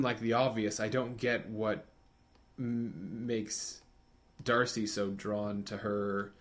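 A man with a somewhat low voice chats casually about a story, thinking aloud as he goes. He restarts his sentences often and circles back to his points. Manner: halting, many restarts, musing. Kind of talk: casual chat.

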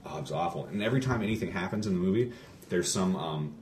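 A man hosting a podcast, talking in casual chat with halting, rambling storytelling and many restarts. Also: sits low, expressive, a little mellow, echoey room, recorded from a distance, slight background noise. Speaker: podcast host.

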